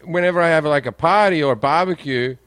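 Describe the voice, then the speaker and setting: Rambling man, high voice. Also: fast, a bit bright, dry recording. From Australia. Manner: rambling storyteller, laughs often, restarts a lot. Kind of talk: casual podcast chat.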